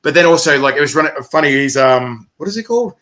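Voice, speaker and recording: A man's voice: a little high, lively intonation, quick pace, pushed and bright. A man with an Australian accent hosting a casual chat, rambling with lots of fillers and laughing often. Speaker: host.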